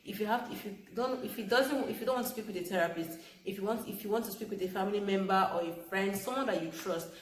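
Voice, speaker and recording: A woman's voice: mid-range voice, fast, slight background noise. Earnest woman in an echoey room. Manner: earnest, repetitive, emphatic, with soft laughs. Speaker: vlogger. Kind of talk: casual talk to camera. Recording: echoey room with faint background ambience.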